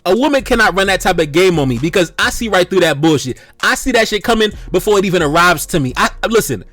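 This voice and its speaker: A man's voice: sits high, animated, quick pace, fairly bright tone, dry recording, soft background music. A man hosting a reaction video who preaches to his audience, laughing often and repeating exclamations. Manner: preachy, addresses "brothers" directly. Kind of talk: commentary on social media posts.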